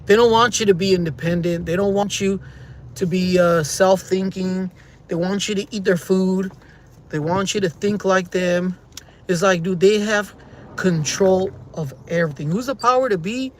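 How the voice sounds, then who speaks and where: A man's voice: high-pitched, moderate pace. A man vlogging from his car in traffic, rambling and venting at his viewers, recorded on a phone on a dash mount. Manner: rambling, frustrated, talks to viewers as guys. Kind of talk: casual driving vlog. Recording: car interior with faint road hum.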